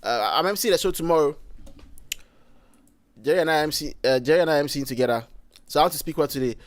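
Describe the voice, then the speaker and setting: A man's voice: fairly high pitch, lively intonation, quick pace. A man with a Ghanaian English accent, hosting a casual livestream and thinking aloud with frequent self-corrections. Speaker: livestream host.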